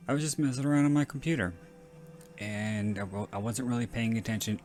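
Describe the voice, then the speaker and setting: A man's voice: mid-range voice, fairly even intonation, a little fast, a little mellow, soft background music. A man hosting a podcast, giving casual, rambling movie commentary, frank and prone to self-correction and casual swearing. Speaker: podcast host.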